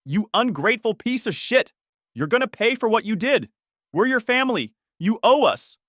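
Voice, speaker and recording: A man voicing a violent young brother who shouts and snarls threats. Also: sits high, sing-song, moderate pace, no room sound, clean studio sound, pitched above the performer's own voice. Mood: furious.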